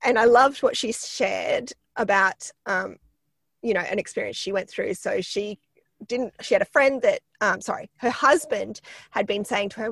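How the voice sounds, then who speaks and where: A woman talks in a chatty, rambling way, full of ums and restarts. Her voice is croaky with a gravelly fry. The sound is close and dry, with no room around it. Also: medium pitch, moderate pace, fairly bright tone, dry recording. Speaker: PR expert guest. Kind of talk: casual podcast interview.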